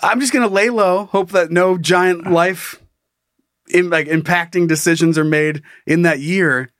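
A man's voice: high-pitched, steady tone, measured pace, a bit bright, no echo, clean studio sound. A man co-hosting a comedy podcast who laughs often and riffs on absurd scenarios in casual chat. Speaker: podcast co-host.

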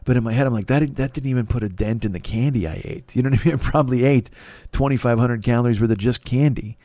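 A man talking alone into a close mic and rambling through a confessional story. His voice sits at an ordinary pitch, and his speech is full of swearing, restarts and self-mocking asides. The recording is dry and close, with no room sound. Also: fast talker, dark tone, no room sound. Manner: profane, rambling, self-deprecating, many restarts. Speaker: podcast host. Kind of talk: confessional solo monologue.

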